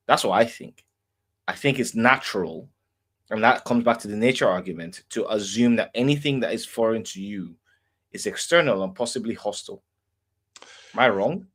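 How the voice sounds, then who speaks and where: A man's voice: on the low side, normal speed, a bit bright. A man co-hosting a podcast, arguing his side with hesitant, stammering restarts. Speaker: podcast co-host. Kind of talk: casual debate chat.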